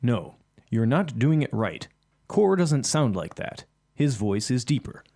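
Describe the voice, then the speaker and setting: A man's voice: medium pitch, sing-song, unhurried, dark tone. A man acting as a bossy starship captain who directs a fellow fan, speaking in a commanding, impatient way.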